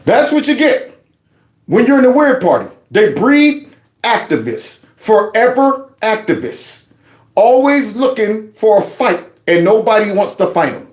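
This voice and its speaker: A man giving political commentary over clips, his pitch leaping up and down as he mocks what he hears. He talks casually and sarcastically, in a room with a noticeable echo. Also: unhurried. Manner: animated, mocking, mimics others in exaggerated voices. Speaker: commentary channel host.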